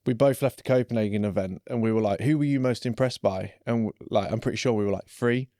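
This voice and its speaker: Male podcast host, mid pitch, mellow, dry mic; upbeat and chatty. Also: quick pace, no echo. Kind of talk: casual podcast hosting.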